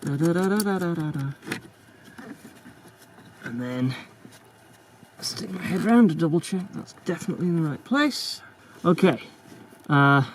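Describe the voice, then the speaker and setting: Brit guy muttering through a car dash repair, kinda high voice, laughs at himself. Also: a little hiss or hum. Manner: chatty, self-deprecating, muttering to himself as he works. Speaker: car restorer. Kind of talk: casual narration while working on a car.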